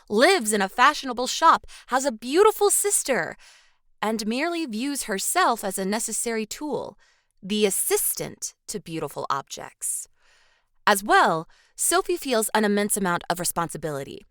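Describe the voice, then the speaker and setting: A woman's voice: a little high, pushed and bright, no echo. A woman co-hosting a podcast, reading a film recap with dry little asides. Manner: scripted recap broken by dry quips. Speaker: podcast co-host.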